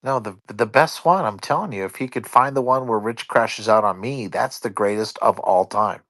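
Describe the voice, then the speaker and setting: A man in a casual online voice chat, telling a long story in an animated, profane way. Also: lowish voice, normal speed, dry recording.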